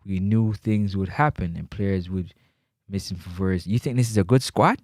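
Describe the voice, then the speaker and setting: Animated Jamaican sports talk host. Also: male voice, sits low, normal speed, no echo, studio quality. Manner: animated, teasing, slips into patois. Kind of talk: casual football talk show reading live chat.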